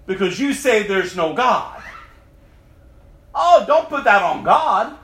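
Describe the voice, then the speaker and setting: High lively voiced preacher guy, slow and fired up, roomy echo. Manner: impassioned, laughing between lines. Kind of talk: sermon with scripture reading.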